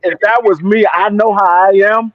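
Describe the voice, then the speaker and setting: A man in a casual boxing chat, telling stories in an animated, profane way. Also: high-pitched, moderate pace, dull audio, slight background noise. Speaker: boxer guest.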